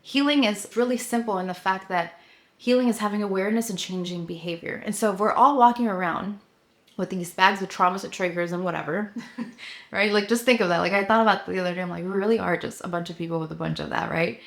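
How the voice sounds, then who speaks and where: Woman, thirties, chatty motivational vlog, lots of fillers, mid-pitched voice. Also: fast talker. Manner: chatty, many "like" fillers, acts out her own inner voice. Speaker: vlogger, coach for ambitious women. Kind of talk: casual motivational talk to camera.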